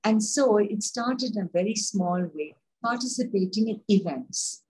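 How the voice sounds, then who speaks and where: An older woman with an Indian accent, a coffee expert telling lively stories in an interview. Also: medium pitch, moderate pace, low-quality recording. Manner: lively anecdotal, acts out dialogue. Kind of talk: conversational interview storytelling.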